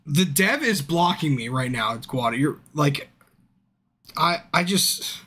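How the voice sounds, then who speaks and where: A woman's voice: low voice, expressive, unhurried, fairly bright tone, husky. A woman streaming a game live, swearing and laughing in frustration as she plays. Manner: swearing, exasperated, laughing in despair.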